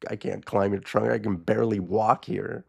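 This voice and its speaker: A man voicing a weary, frail old man who is toothless and tired, speaking low and quietly in a grumbling paraphrase. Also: fairly even intonation, moderate pace, creaky, slightly rough, full character voice.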